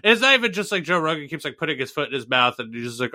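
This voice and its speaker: Sarcastic man with a bright voice. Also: medium pitch, racing. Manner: sarcastic, exasperated. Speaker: podcast co-host. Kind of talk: casual political chat.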